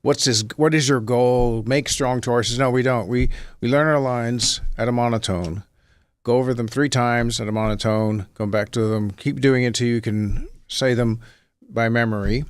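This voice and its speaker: A man's voice: medium pitch, fairly even intonation, moderate pace, clear, resonant tone, no echo. A man guest chatting in an easygoing, rambling way about acting, slipping into short acted examples as he goes. His voice is dry and close to the mic, with no room around it. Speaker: actor, guest. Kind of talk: casual talk-show chat.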